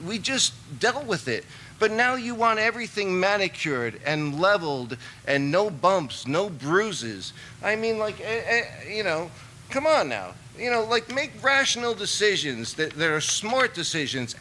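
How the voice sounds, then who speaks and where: Young guy ranting at a town meeting, high sharp voice, lots of fillers, bit of hiss behind. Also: rough recording. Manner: agitated, rambling complaint with many fillers. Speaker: resident at public comment. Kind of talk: public comment at a meeting.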